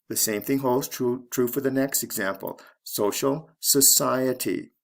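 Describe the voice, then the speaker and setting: Slow gravelly male English teacher. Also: medium pitch. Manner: reads word pairs, spells endings letter by letter. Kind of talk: slow, deliberate pronunciation lesson.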